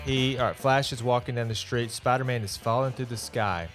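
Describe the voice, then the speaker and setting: A man's voice: mid-range voice, brisk, loud music behind the voice. A man hosting a podcast, giving a casual, opinionated solo movie review in a chatty, exasperated way. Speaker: podcast host.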